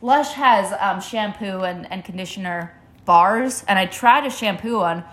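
A woman's voice: mid-range voice, unhurried, a bit bright. A woman co-hosting a casual chat who rants with a lot of swearing, rambles, and acts out other people's lines. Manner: profane, rambling ranting. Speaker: co-host.

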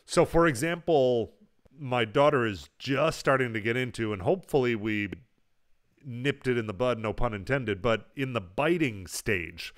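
A man's voice: medium pitch, moderate pace. A man in his thirties co-hosting a casual podcast, telling family stories with energy and acting out the dialogue. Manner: animated storyteller, acts out family dialogue. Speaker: podcast co-host.

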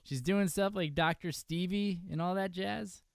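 A man's voice: high-pitched, moderate pace, gravelly, clean tone, no echo, studio quality. A man from upstate New York with a New York accent, hosting a casual wrestling podcast, joking and laughing often. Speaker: podcast host.

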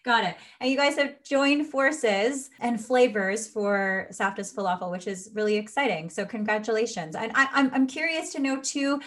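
A woman hosting a friendly interview, her voice sitting a little high. She is warm toward her guest, gushes freely and breaks into laughter often. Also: moderate pace, hardly any pauses. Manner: affectionate, laughs often, effusive. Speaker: host and co-founder. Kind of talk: casual interview.

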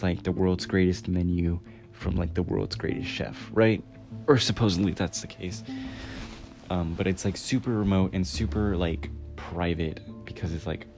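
A man in his twenties casually reviewing a film in a rambling way, with many "like" fillers. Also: deep voice. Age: 20s. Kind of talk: casual chat. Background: music.

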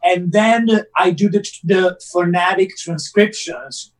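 Guy, high voice, earnest and methodical, sounds kinda far from the mic. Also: slow. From Italy. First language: Italian. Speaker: actor guest. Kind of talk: casual interview chat.

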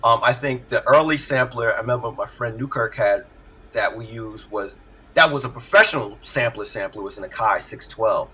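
Husky, bright-voiced man on a video call. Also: mid-range voice, moderate pace, rough recording. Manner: animated storyteller, laughs often, acts out voices. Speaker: music producer guest. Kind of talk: casual interview chat.

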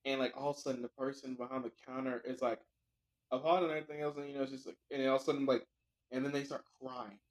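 A man's voice: medium pitch, little pitch movement, racing, poor audio. A young man co-hosting a podcast, telling a rambling story in casual chat with lots of filler words. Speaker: podcast co-host.

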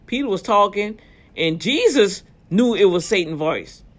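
A woman co-hosts a faith podcast in a relaxed, conversational way. She drives her points home emphatically, almost like she is preaching. She backs up her partner with quick words of encouragement. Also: medium pitch. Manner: emphatic, call-and-response encouragement. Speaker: podcast co-host. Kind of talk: casual faith chat, preaching.

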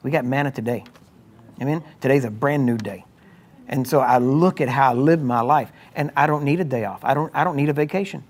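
A middle-aged man preaching a sermon in a conversational way, often asking "Why?" and "Amen?", and at times rising into loud, high exhortation. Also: a little fast. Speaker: pastor.

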